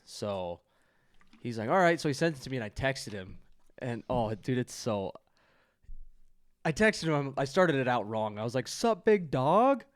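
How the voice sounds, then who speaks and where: A man's voice: medium pitch, animated, normal speed, no echo, clean studio sound. A man casually telling a long prank story on a podcast, acting out the texts and calls he quotes. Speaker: podcast guest.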